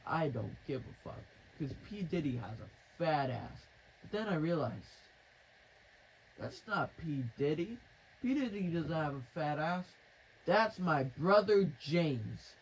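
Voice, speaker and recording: A man's voice: fairly high pitch, expressive, a little slow, slight background noise, rough recording. A man telling a rambling, crude, mock-dramatic improvised story.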